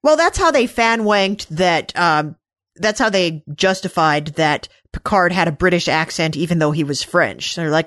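A woman's voice: fairly low pitch, animated, normal speed, a bit bright, no room sound, studio quality. A woman co-hosting a casual fan discussion podcast, easygoing and wry. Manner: easygoing, wry, full of comparisons. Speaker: podcast co-host.

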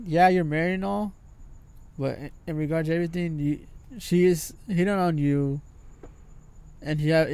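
A man co-hosts a casual podcast with a somewhat high voice. He talks haltingly, repeating and restarting words as he works toward his point. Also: darkish tone, clear, resonant tone. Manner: halting, repeats words, calls friend "dude". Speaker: podcast co-host. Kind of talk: casual chat.

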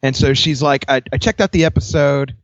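A man's voice: medium pitch, brisk, no room sound. Candid young man telling dating stories. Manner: candid, laughs a lot, swears freely. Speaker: podcast guest. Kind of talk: casual storytelling chat. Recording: dry, dull lo-fi sound.

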